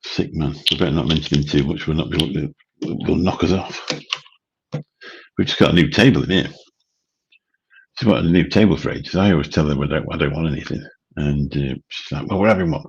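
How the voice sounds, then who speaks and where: A man's voice: extremely low pitch, brisk, gravelly, pauses often, breathy edge, lo-fi sound. A man, rambling casually as host of a late-night livestream chat. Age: 50s. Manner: rambling, chatty, swears casually. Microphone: studio mic through a mixer.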